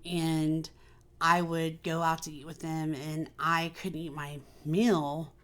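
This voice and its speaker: A woman's voice: low voice, level tone, takes it slowly. A woman hosting a casual personal chat, talking candidly and confidingly with many fillers. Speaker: vlog host.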